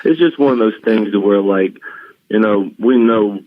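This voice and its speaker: A man's voice: lowish voice, moderate pace, dry recording. A man from the American South, a guest telling family stories in casual chat, often laughing. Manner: emotional storytelling with laughs. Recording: dull lo-fi line.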